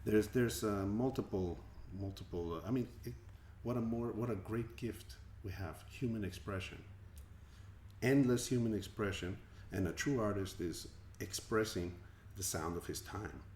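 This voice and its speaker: Brief: male musician from Colombia, interview guest, very low voice, earnest and reflective, roomy recording. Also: moderate pace, darkish tone. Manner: thoughtful, earnest, repeats words as he goes. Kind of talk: interview answers. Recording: echoey room with faint ambient noise.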